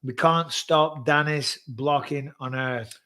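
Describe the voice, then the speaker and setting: A man's voice: fairly high pitch, steady tone, slow, sharp tone. A man in his forties with an English accent, hosting a casual live chat and teasing his family. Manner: teasing, banter-heavy. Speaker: show host.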